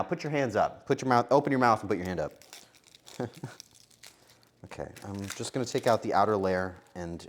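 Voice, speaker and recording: A male streamer in casual livestream chat, cooking as he talks. His voice swings up and down in a lively, animated way, and he bounces from joke to joke while teasing his chat. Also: fairly low pitch. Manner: playful, joking banter with chat.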